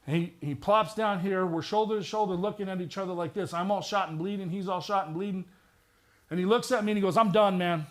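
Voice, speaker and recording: Speaking quickly in a high register, a middle-aged former police detective shares a vivid personal testimony inside a church. Wry humor surfaces now and then.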